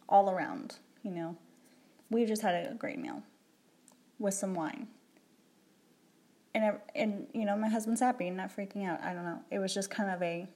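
A woman's voice: medium pitch, a little mellow. A woman talking candidly to camera in a personal vlog, reflecting in a rambling, emotional way with many restarts. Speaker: vlogger.

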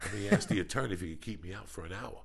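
A male podcast host with a deep voice and a gravelly edge. He tells stories bluntly and swears freely, in a loose conversational tone. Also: very fast, crowd noise. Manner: blunt, profane storytelling. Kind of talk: casual chat.

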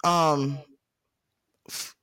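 A man co-hosting a casual podcast chat, playful and teasing, quick to joke. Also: a little high, level tone, bright, forceful tone, clean tone. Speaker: podcast co-host.

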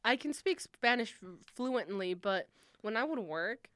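A young woman co-hosting a casual chat, talking in a relaxed, laid-back way. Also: on the high side, measured pace, no room sound.

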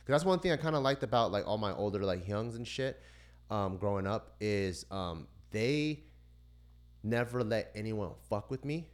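A man on a casual podcast, telling a story in lively, profane fashion and acting out the people in it. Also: on the low side, normal speed. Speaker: podcast co-host.

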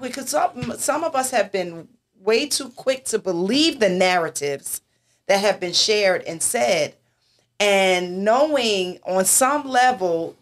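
A woman minister in a church talk discussion, speaking emphatically and asking rhetorical questions. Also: medium pitch.

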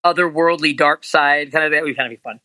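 A man being interviewed as a voice actor, telling animated anecdotes and acting out quotes in higher voices. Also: fast, no room sound, low-quality recording. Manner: animated storyteller, acts out quotes in high voices. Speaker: voice actor guest.

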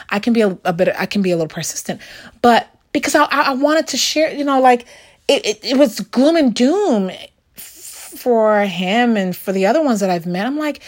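A middle-aged woman giving a casual Christian devotional talk, animated and conversational, full of fillers and little acted-out quotes. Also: on the high side, normal speed.

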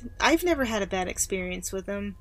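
A woman's voice: medium pitch, a little fast, soft background music. Chatty woman telling a spooky story. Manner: chatty, animated when quoting others. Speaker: podcast co-host. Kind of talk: casual storytelling chat.

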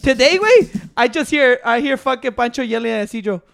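A man's voice: very high-pitched, expressive, fairly quick, vocal fry, hardly any pauses, fairly bright tone. A man who tells stories and teases the others, laughing and swearing, in casual podcast banter at a microphone. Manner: teasing, laughing, swearing storyteller. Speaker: podcast co-host.

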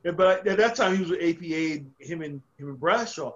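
A man tells stories as a podcast guest, swearing freely and often restarting his sentences. His voice sits a little high for a man. The recording sounds dull and lo-fi. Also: lively intonation, brisk. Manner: profane, rambling with frequent restarts. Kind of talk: casual storytelling.

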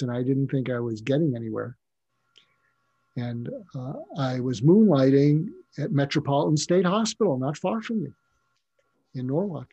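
An older man with a husky, mellow voice recounts stories from his work as a psychiatrist. He speaks reflectively, pausing and restarting his sentences. The recording is dry and a little dull. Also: medium pitch, no echo. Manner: reflective, halting, with frequent restarts. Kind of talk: personal storytelling in a conversational interview.

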